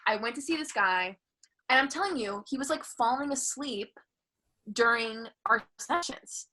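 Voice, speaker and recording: A woman's voice: on the high side, moderate pace, sharp tone. A woman comedian, a guest telling candid, profane stories in casual chat. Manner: candid, profane, bursts of laughter.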